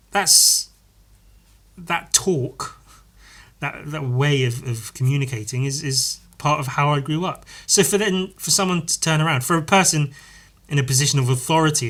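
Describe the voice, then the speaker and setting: A man with a bright, forward voice talks through a casual solo podcast episode. He rambles, stops to correct himself and restarts his sentences. He drops swear words freely into everyday chat. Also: fairly high pitch, animated, normal speed. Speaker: podcast host.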